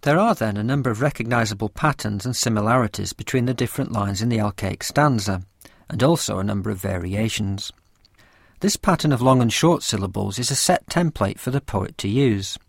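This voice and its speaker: Measured low-voiced man narrating a lecture. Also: vocal fry, no room sound, studio quality. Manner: measured, careful explanatory delivery. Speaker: teacher of poetry.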